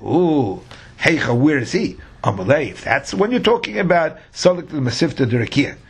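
A man's voice: a little high, sing-song, moderate pace, gravelly, slightly rough. A man teaching a Talmud class, reading the Aramaic phrase by phrase and explaining each in English.

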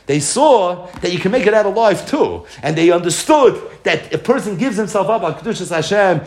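A man giving a Torah lecture, telling it with animated storytelling and frequent chuckles. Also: high-pitched, moderate pace, slight background noise. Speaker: Torah teacher. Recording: echoey room.

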